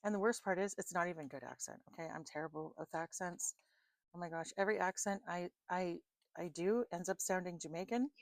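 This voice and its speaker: A woman's voice: on the low side, fairly quick, no echo, studio quality. A woman doing a tarot reading, rambling in a chatty, self-deprecating way with lots of fillers and laughs. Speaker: tarot card reader. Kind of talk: rambling casual monologue.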